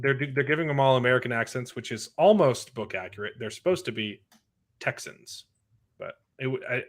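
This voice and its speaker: A man's voice: medium pitch, fairly bright tone. A man hosting a casual chat show, sarcastic and dismissive as he picks apart a TV series. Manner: sarcastic, dismissive, mocks scenes in put-on voices. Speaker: show host.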